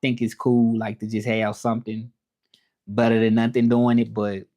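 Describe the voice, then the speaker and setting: A man with a Southern US accent chatting casually on his livestream, relaxed and talkative, repeating phrases and slipping in some French. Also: lowish voice, normal speed. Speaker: interpreter and livestream host.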